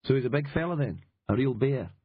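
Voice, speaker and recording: A man with a husky voice playing a cynical, wry male reporter who swears freely and talks with dry determination. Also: medium pitch, animated, fairly quick, no echo. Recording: dull lo-fi audiobook recording.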